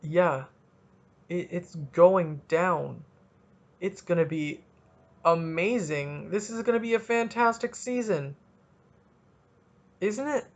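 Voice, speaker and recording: A man from Canada hosting a casual solo podcast, rambling and joking as he thinks out loud. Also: high-pitched, slow pace, long pauses. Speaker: podcast host. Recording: dull lo-fi recording.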